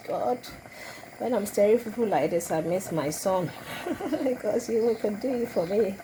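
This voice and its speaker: A middle-aged woman from Ghana talks her viewers through a home-cooked meal in an unhurried, easygoing way. She chats and laughs as she works in her kitchen, with a faint hiss of noise behind her voice. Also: medium pitch. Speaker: cooking vlogger. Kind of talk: casual cooking demonstration.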